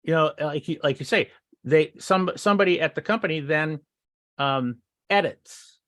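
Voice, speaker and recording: A man co-hosts a casual marketing podcast, talking in long winding sentences and cutting into other speakers. His voice sits a bit higher than most men's. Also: normal speed, a bit bright. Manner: rambling, restarts and interrupts. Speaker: podcast co-host. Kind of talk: casual chat.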